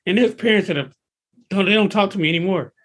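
A man in his fifties who works as a personal trainer, talking in a high voice with a husky edge. He speaks in an excitable, emphatic way and circles back to repeat his points. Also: fast talker. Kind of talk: casual interview talk.

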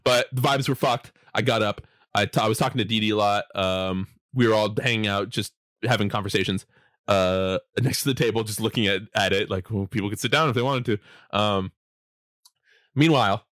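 A man casually telling a long anecdote to a friend, animated, often laughing and mimicking people. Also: lowish voice, fairly quick, no echo, studio quality. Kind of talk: casual storytelling chat.

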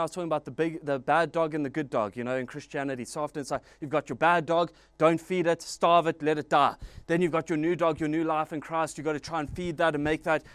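A man preaching a sermon as pastor, animated and storytelling with jokes and asides. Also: on the high side, clean tone, dry recording.

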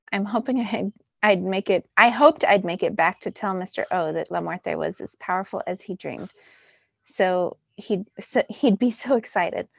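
Teacher reading a novel aloud, gravelly, dry close sound. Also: female voice, medium pitch, moderate pace, dry recording. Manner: first-person narration with lively emphasis.

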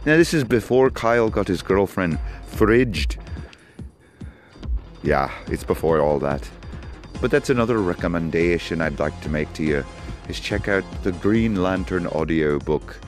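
A man's voice: low-pitched, lively intonation, measured pace, faint music behind. A man hosting a solo podcast, talking in a loopy, wandering, jokey way. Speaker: podcast host. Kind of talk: rambling solo podcast chat.

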